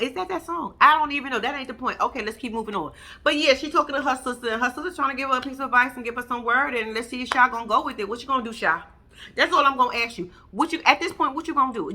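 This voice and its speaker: A woman giving a blunt, sassy casual recap of a reality TV episode, talking straight to her viewers. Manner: swoops up high when excited.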